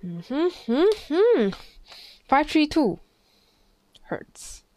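A woman's voice: high-pitched, very animated, drawn-out words, darkish tone, no room sound. A woman physics tutor, talking through an exam question in a chatty way, thinking aloud and imitating sounds. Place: classroom.

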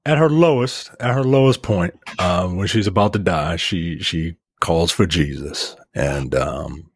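A man in casual podcast chat, talking through movie scenes with plenty of profanity. His voice sits on the low side. The sound is dry and close, with no room echo. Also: a little slow, slightly rough. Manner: profane, animated retelling of scenes. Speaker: film review podcast co-host.

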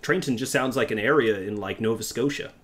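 A man's voice: medium pitch, a little fast, fairly bright tone, slight background noise. A man streaming a game, screaming and swearing in panic with theatrical outbursts and dry jokes. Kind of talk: live gameplay commentary.

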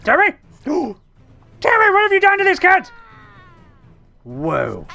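A gamer giving excitable, sweary commentary over their own gameplay. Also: extremely high pitch, takes it slowly, gravelly, soft background music. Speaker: let's play gamer.

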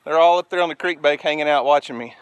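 A man's voice: on the high side, quick pace, clear, resonant tone. A man, vlogging outdoors by a farm creek in a folksy way and talking to the camera while out of breath. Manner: folksy, talks to camera and coaxes goats. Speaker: homestead vlogger. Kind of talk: casual outdoor vlog.

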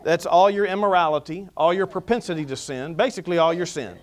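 A man's voice: sits high, quick pace. A man preaching a sermon as pastor, mixing scripture reading with humor. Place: church.

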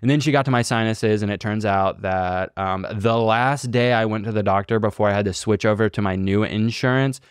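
A podcast co-host with a lowish, clear, resonant voice tells a long, rambling story at a brisk clip with few pauses. His delivery is casual, profane, and heavy on filler words, recorded with studio quality and no room sound.

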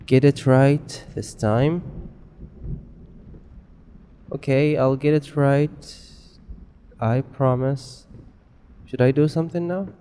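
A man's voice: mid-range voice, steady tone, takes it slowly, dark tone, clean tone. A man giving casual, rambling let's play commentary on a horror game, swearing constantly and mocking himself. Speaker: gamer.

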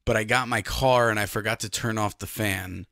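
A man's voice: fairly low pitch, fairly even intonation, normal speed, gravelly, bright, forceful tone, dry recording, studio quality. A man hosting a sports podcast in a casual chat, speaking with emphasis and talking straight to the listeners. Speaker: podcast host.

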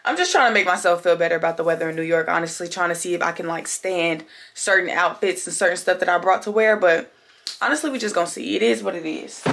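A woman's voice: lowish voice, quick pace, creaky, fairly bright tone. A woman vlogging casually to the camera from her bedroom, chatting with viewers and calling them y'all. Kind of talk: casual vlog chat to camera.

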